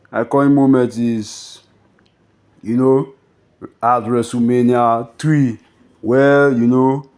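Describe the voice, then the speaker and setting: Slow, rambling man reminiscing casually. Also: mid-range voice, a little mellow, smooth. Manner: rambling, heavy on fillers like "you know" and "bruh". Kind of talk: casual unscripted monologue.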